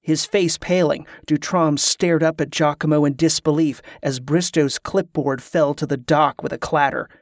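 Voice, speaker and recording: A man reading a novel aloud as narrator, in an even, measured way. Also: a little high, no echo, clean studio sound. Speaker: audiobook narrator. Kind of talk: scripted narration.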